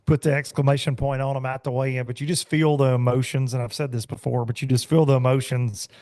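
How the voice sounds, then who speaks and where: A man's voice: mid-range voice, level tone, fast talker, darkish tone, no room sound, clean studio sound. A man, chatting casually and joking as a podcast guest. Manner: easygoing, joking, chuckles often.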